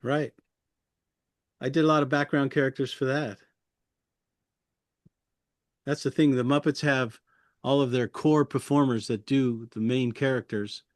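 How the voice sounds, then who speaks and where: A man's voice: mid-range voice, steady tone, a little slow, pauses often, no echo. A man who works as a puppeteer, chatting casually as an interview guest, chuckling often and rambling loosely through his memories.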